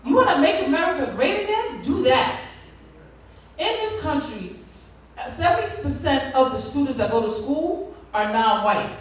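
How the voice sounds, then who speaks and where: A woman's voice: sits high, big pitch swings, moderate pace. A woman giving a conference speech as a school district leader, telling stories in a preacher-like way and drawing call-and-response from the crowd. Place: large conference hall. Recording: echoey hall from far off.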